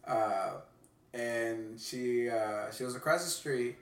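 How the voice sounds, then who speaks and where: A man who is a boxer, chatting in a laid-back, profane, halting way as a guest. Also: medium pitch. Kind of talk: casual chat. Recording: roomy, distant mic.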